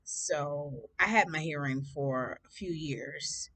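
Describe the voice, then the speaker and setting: Woman doing a storytime vlog, lowish voice, sassy, laughs a lot. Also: slow, a bit bright.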